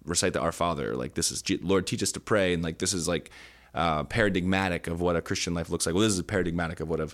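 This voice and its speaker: Brief: deep-voiced male podcast co-host, earnest, thinking aloud with fillers. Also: fast. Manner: earnest, searching for words with many fillers. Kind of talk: conversational Bible teaching. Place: indoor podcast studio.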